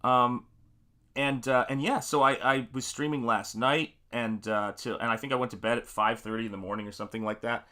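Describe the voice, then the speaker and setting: Upbeat, bright-voiced streaming painter. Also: male voice, medium pitch, fairly even intonation, a little fast. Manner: greets viewers by name with upbeat energy; rambling, many fillers while working. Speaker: livestream host and painter. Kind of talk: casual live-stream chat. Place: home art studio.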